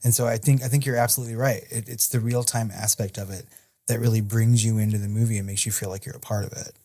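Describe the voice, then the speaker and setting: A man co-hosts a horror film podcast in relaxed conversation. His voice sits a little low, and he keeps checking in with his partner with a quick "right?". He builds his points slowly, with repeated words. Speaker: podcast co-host. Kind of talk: casual chat.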